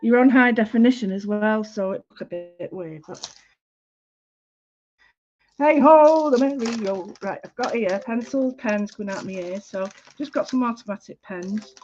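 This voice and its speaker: A woman hosts a casual livestream art lesson, talking in a chatty way and interrupting herself as she goes. Her voice sits fairly high. The sound is slightly muffled, like a home stream. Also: a little slow, faint music behind. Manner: chatty, warm greetings, self-interrupting. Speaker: art class host.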